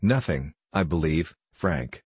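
A man's voice: lively intonation, slow, darkish tone, husky, no echo, full character voice. A man reading a frail dying mother. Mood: weak, anxious. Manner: low, weak voice.

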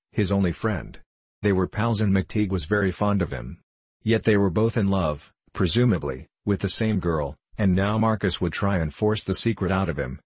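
A man narrating a novel in a steady, measured reading. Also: low voice, slightly rough, no echo. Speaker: audiobook narrator. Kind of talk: scripted narration. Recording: close, dry.

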